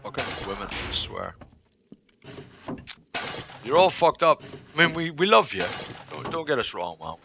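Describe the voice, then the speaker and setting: A man's voice: on the high side, big pitch swings, a little slow, gravelly, pauses often, background noise. A man livestreaming a game, chatting casually to his viewers in a profane, rambling way. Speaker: livestreaming gamer. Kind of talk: casual chat while playing a game.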